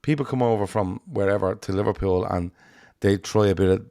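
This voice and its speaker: A man's voice: fairly low pitch, brisk, dark tone, no echo, studio quality. A man co-hosting a football podcast in casual, jokey chat, laughing at his own stories. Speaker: podcast co-host.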